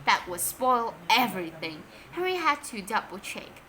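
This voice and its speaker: A woman, a native Vietnamese speaker, reading a children's story aloud in an expressive, unhurried way. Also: mid-range voice, slight background noise, poor audio.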